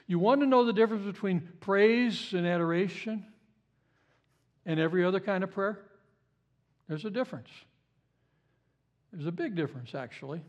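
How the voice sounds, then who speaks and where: A man with a notably high voice preaches a sermon, chatting to his congregation more than lecturing. He drives points home by repeating them, jumping from loud emphatic bursts down to quiet low asides. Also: animated, normal speed, long pauses. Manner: conversational, repeats key phrases for emphasis. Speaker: pastor.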